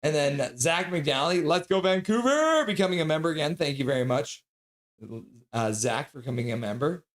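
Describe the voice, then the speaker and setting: A man's voice: medium pitch, steady tone, moderate pace. A man hosting a live sports stream, casually reading out chat messages and donations while signing off. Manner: chatty, reads chat and donations aloud. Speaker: streamer host.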